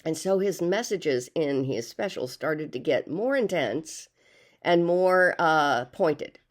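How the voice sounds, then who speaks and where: Older female vlogger with a lowish voice, rambling and hesitant, lots of fillers. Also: lively intonation, slow. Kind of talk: casual monologue to camera.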